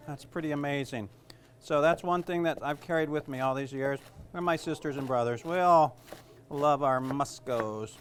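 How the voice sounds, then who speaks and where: A middle-aged man talks his way through a home cooking demonstration as a relaxed chef, rambling off on side stories and poking fun at himself. His voice sits a little on the high side for a man. A faint hum runs underneath. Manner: chatty, rambling, jokes at himself.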